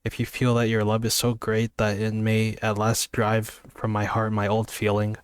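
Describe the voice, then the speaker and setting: A man voicing an emotional young woman in love, reading in an earnest, halting way from a novel. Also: lowish voice, monotone, clear, resonant tone, no echo, lightly acted. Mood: pleading. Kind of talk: amateur book reading.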